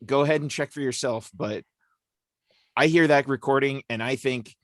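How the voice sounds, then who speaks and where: A man's voice: mid-range voice, moderate pace, a bit bright, no room sound, clean studio sound. Rambling male podcast co-host. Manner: rambling, explanatory, fillers. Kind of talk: casual discussion.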